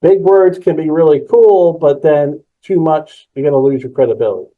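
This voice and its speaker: A man presenting a live webinar on presentation skills, energetic and emphatic, repeating key words and reacting to the chat. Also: fairly high pitch, normal speed, phone-quality sound.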